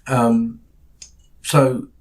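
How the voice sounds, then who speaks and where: A man from England with a British accent, co-hosting a podcast in casual chat, dry and self-deprecating, often trailing off quietly. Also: medium pitch, little pitch movement, very slow, poor audio. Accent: British English. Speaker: podcast co-host.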